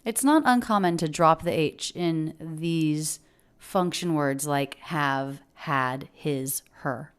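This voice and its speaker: A woman teaching English pronunciation, breaking down phrases and repeating words slowly to model their sounds. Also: deep voice, clean tone. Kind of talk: pronunciation lesson.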